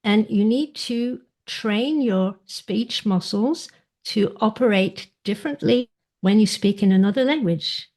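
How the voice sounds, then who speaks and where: A woman's voice: mid-range voice, measured pace, darkish tone. A woman pronunciation coach in a podcast conversation, thinking aloud and repeating words as she searches for the right phrasing.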